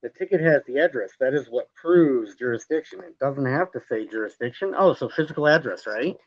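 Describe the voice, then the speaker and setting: Fairly quick and expressive, the mid-range voice of a man hosting a live stream comes through a dry recording. Reading and replying to chat, he rambles, picks arguments and lets the odd swear slip, with the stream sound coming across dull and lo-fi.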